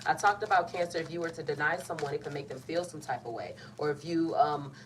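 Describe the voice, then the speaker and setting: A woman's voice: low voice, quick pace. A young woman giving a casual, playful tarot reading, talking in a loose colloquial way and often cutting herself off. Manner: chatty, colloquial, playful and self-interrupting. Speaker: tarot reader. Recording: slightly distant mic, faint background noise.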